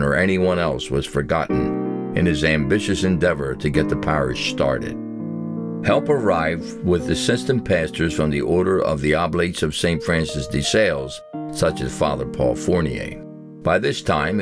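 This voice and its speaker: A man narrating a documentary in a steady, formal scripted style. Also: extremely low pitch. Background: guitar music.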